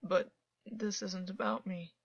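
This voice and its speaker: A woman voicing a wounded young fey man who speaks slowly, thickly and hesitantly, in a dull dry recording. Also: medium pitch, steady tone, gravelly, husky, no echo, exaggerated voice. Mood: subdued.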